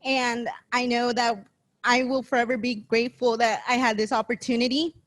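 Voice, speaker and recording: A woman's voice: a little high, little pitch movement, normal speed, fairly bright tone. Heartfelt young woman giving thanks. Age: 20s. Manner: chatty, heartfelt, close to tears. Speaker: scholarship recipient. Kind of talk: emotional thank-you speech. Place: banquet event.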